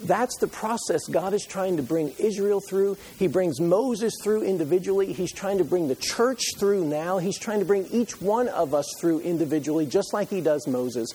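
Speaking at normal speed with few pauses, a man with a high, breathy voice delivers an impassioned sermon. He reads scripture aloud and retells it, pleading as Moses and at times dropping to a hush.

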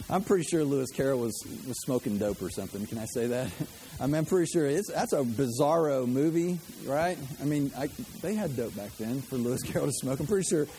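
A man's voice: on the high side, warm tone, a little hiss or hum. A man preaching a sermon as pastor, chatty and conversational, with joking asides to the congregation.

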